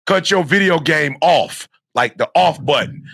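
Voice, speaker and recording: A man's voice: fairly high pitch, animated, a little slow, creaky, a bit bright, breathy edge, dry recording, clean studio sound. A middle-aged man giving an emphatic, repetitive motivational talk to young students, like a preacher. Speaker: motivational speaker.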